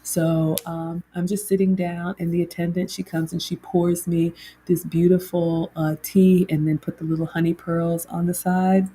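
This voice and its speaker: Husky, warm-voiced woman chatting. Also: lowish voice. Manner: chatty, reading viewer comments aloud. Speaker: host. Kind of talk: casual livestream chat.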